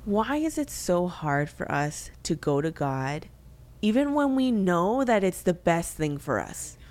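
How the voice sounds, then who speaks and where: A young woman with a fairly low voice talks in a candid, reflective way on a faith podcast. She thinks aloud and fills her sentences with "like" and "um." Her tone is earnest and personal. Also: big pitch swings, a little slow, a little mellow. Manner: earnest, reflective, many fillers and restarts. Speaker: podcast co-host.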